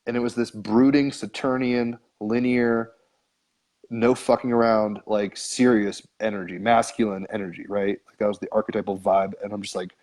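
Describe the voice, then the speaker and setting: A man's voice: on the low side, steady tone, moderate pace, darkish tone. A man, a podcast guest, telling a long story in a casual, rambling way, full of "like" and casual swearing. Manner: rambling, filler-heavy, frequent "like", casual swearing.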